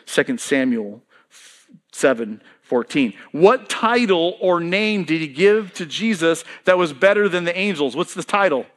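A middle-aged male pastor preaching with lively emphasis and a fairly high voice. He quizzes the congregation and then answers the questions himself, swinging his pitch up and down as he drives each point home. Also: normal speed, hardly any pauses. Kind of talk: sermon.

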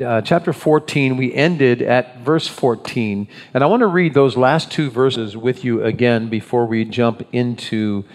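A man leading a congregation in prayer and then preaching a sermon, asking the listeners questions as he goes. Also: mid-range voice. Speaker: pastor.

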